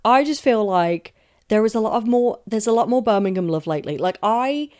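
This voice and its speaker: A woman's voice: fairly high pitch, expressive, fairly quick, darkish tone. Chatty young woman ranting. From London. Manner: chatty, rambling and emphatic, with frequent swearing and self-asides. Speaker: podcast host. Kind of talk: casual solo podcast rant.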